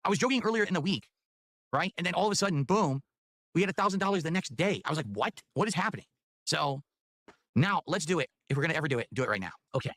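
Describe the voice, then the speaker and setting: Man streaming live, quick rambling talk, bright edgy tone, dry close sound. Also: fairly high pitch, lively intonation, dry recording. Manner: rambling, pleading, then tearfully sentimental. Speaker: livestreamer. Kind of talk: casual livestream talk.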